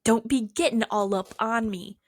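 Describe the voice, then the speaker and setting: A woman's voice: fairly high pitch, moderate pace, dry recording. A young woman talking to camera in a casual, rambling monologue, swearing often and poking fun at herself. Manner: profane, rambling, self-mocking. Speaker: vlogger.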